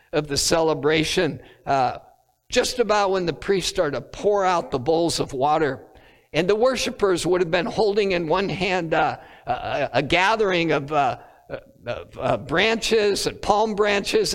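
High-voiced preacher man in a reverberant hall. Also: animated, fairly bright tone. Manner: halting, many filler pauses, rising on quoted scripture. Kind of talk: sermon.

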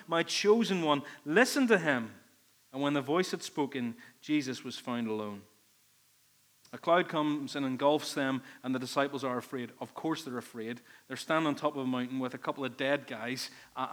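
A man's voice: medium pitch, fairly bright tone. A man preaching a sermon, earnest and emphatic, leaning on repeated phrases. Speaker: pastor.

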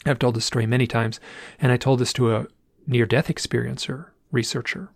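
Guy with a gravelly voice rambling thru a story, dry close sound. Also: mid-range voice, fairly even intonation, fairly quick, no room sound. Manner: rambling, with restarts and repeated phrases. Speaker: guest telling an experience. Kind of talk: casual storytelling.

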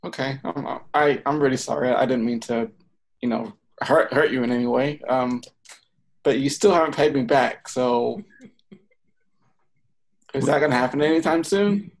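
A man's voice: medium pitch, normal speed, long pauses, close to an everyday voice. Kindergarten boy, stammering and indignant, in an improvised skit voiced by an adult man. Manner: stammering, defensive.

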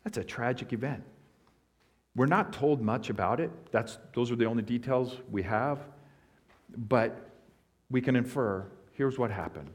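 A man's voice: mid-range voice, a little slow, pauses often, husky. A man preaching a sermon, explaining scripture in an earnest way and building to emphatic points. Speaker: pastor.

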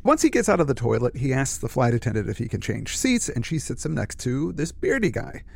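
A man's voice: medium pitch, very animated, fairly quick, gravelly. A man co-hosting a casual book discussion podcast, retelling the plot and acting out quotes with a chuckle. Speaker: podcast co-host.

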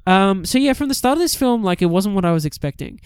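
A man co-hosting a casual film review chat, excitable and swearing often as he retells scenes. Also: sits high, fast, clear, resonant tone, no room sound, clean studio sound. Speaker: podcast co-host.

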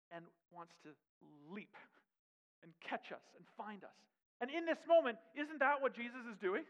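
Male preacher, sermon, earnest, repetitive build-ups, loud-to-hushed swings, long reverb, dull lo-fi audio. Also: high-pitched.

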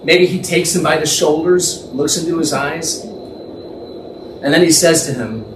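A man leads an informal Bible teaching, thinking out loud and imagining the scene as he goes. His voice sits high, and he often stops to correct himself. The recording is roomy and echoey, with the mic set well back and a faint hiss underneath. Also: unhurried. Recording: echoey room, distant mic, faint background noise.

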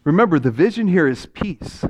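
A man's voice: fairly high pitch, very animated, moderate pace. A male pastor preaching a sermon, telling a story and voicing its characters. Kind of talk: sermon with acted-out parable.

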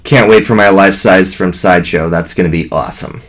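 A man's voice: sits low, fairly quick. A man chatting casually and enthusiastically, rambling with fillers. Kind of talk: casual fan chat.

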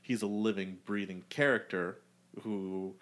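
A podcast host in relaxed conversation, talking in a lowish voice. He rambles through his points with plenty of "like" and "you know". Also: unhurried. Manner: rambling, many fillers. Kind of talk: casual chat.

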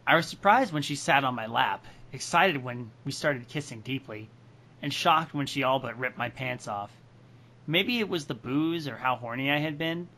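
A man with a medium-pitched, bright, forceful voice co-hosts a podcast. He reads a story passage and jokes loudly with emphasis. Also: lively intonation, normal speed. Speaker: podcast co-host.

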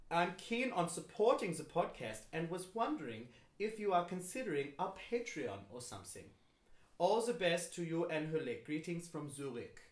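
A man reading a fan's email aloud in a deliberately clumsy German accent. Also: fairly high pitch, echoey room. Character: male fan from Zurich, earnest and polite.

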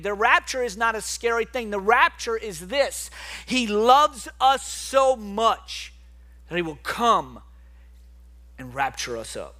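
A young man with a very high voice preaches a sermon in an animated way. He swings between soft, quiet stretches and loud, emphatic bursts.

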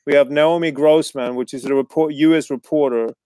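A man chats casually, telling lively stories, cursing freely and acting out the people he quotes. His voice sits a little on the high side. The sound is dry and close, with no room echo. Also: fairly quick. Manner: animated, swears freely, mimics others in quotes. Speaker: actor guest. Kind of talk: casual storytelling chat.

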